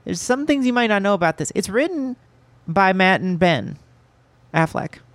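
A podcast co-host chatting casually and rambling through a movie recap with small laughs. The voice sits at an even middle pitch and was recorded dry and close. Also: normal speed, no room sound. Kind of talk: casual chat.

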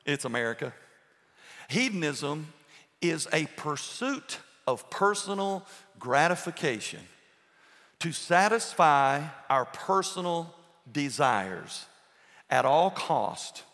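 A man preaching a sermon to his church, firing rhetorical questions and swinging between loud and hushed delivery. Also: fairly high pitch, big-room sound. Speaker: pastor. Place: church sanctuary.

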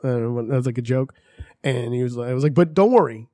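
A man's voice: mid-range voice, fast talker, mellow, dry recording, clean studio sound. A man telling a story in casual chat, swearing often and acting out the people he quotes.

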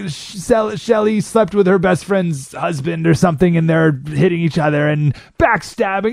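A man hosting a talk show, delivering an animated monologue and mockingly mimicking other people. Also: fairly high pitch, normal speed, gravelly, few pauses, no room sound, clean studio sound. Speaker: radio talk show host. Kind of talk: monologue commentary.

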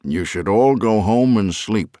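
An anxious businessman, voiced by a deep-voiced male narrator, clipped and tense in his replies. His low voice moves lively in pitch, recorded close and dry. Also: a little slow, no room sound.

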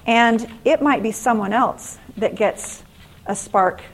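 A middle-aged woman gives an inspirational, faith-based talk to an audience, telling stories earnestly and with animation. Her voice is a little high and slow, and the audio is poor.

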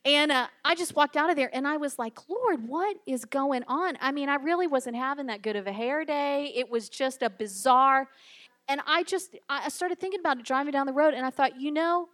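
A woman's voice: high-pitched, a little fast, fairly bright tone. A woman minister from the Cincinnati area telling a story from the pulpit in a chatty way, acting out the dialogue and using many fillers. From Cincinnati area, USA. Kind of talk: storytelling sermon.

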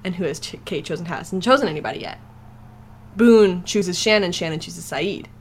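A woman's voice: on the low side, moderate pace, slightly rough. A woman hosting a casual podcast chat, talking in a chatty, enthusiastic way with lots of fillers. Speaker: podcast host.

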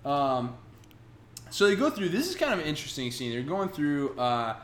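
A man casually recapping a comic book with friends, acting out characters in quick bursts. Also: fairly high pitch. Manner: animated retelling, acts out characters in quick bursts. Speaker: podcast co-host recapping a comic. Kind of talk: casual chat. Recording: roomy sound with faint noise.

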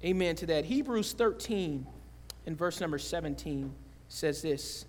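A man's voice: on the high side, expressive, a little slow. A man preaching a sermon, conversational and joking, often asking the congregation questions. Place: church sanctuary. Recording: long church-hall reverb.

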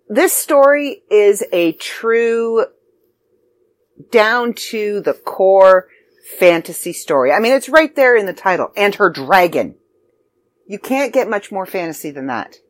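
Recorded dry, a woman with a mid-range voice hosts a casual podcast about the magazine she contributes to. Her talk is chatty and somewhat scattered, with plenty of ums and asides.

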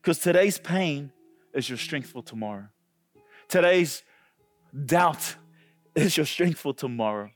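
High-voiced impassioned male pastor. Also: expressive, measured pace, pauses often, dry recording. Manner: impassioned, rising to loud high peaks. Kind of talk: sermon. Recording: dry close sound with faint music.

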